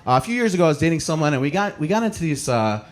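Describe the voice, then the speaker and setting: A man's voice: a little high, big pitch swings, racing. A man hosting a stand-up comedy show, telling stories to a live audience with lots of chatty fillers and laughs at his own jokes. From American suburbs. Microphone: handheld microphone.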